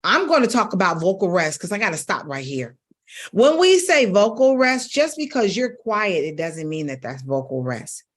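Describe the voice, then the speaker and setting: A middle-aged woman vocal coach teaching to camera in an emphatic, coaxing way that repeats phrases for stress. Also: mid-range voice. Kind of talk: instructional talk to camera.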